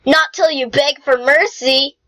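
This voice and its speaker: Woman voicing a mischievous storybook fox brother, teasing, slow-spoken. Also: high-pitched, pushed and bright, voice pushed up, rough recording. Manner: taunting, mischievous. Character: playful, teasing young male fox brother.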